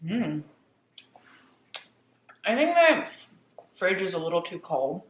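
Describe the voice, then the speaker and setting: In this clip, a woman chats animatedly through a spooky tale while eating, vlog-style. Her voice is on the low side and her pace slow, captured in reverberant, dull-sounding audio.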